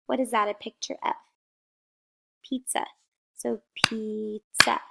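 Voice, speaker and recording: A woman teacher walks young children through a phonics lesson at a slow, patient pace. Her voice sits a little high, with a gravelly edge. She says each practice word clearly, asks a question, then gives the answer herself. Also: fairly even intonation, very noisy.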